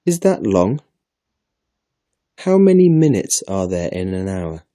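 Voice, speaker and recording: A man's voice: sits low, very animated, slow, mellow, dry recording, clean studio sound, heavily acted. A man voicing a timid, curious little girl who asks pleading questions in a raised voice, reading a storybook aloud. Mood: plaintive.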